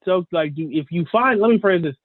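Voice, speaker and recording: A man's voice: sits high, a little fast, no echo. Earnest man on a tinny, dry line. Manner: earnest, rambling, slangy. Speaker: podcast co-host. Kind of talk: casual chat. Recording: dry, phone-like sound.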